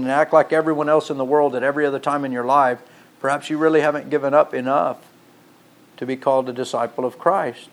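In this sermon, a man with a slightly high voice reads from scripture and repeatedly asks rhetorical questions. He moves back and forth between hushed tones and loud, emphatic lines.

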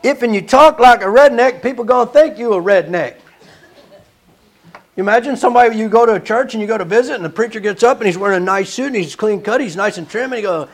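A man's voice: high-pitched, fast talker. A man preaching a sermon in an earnest, conversational way, stumbling and restarting now and then.

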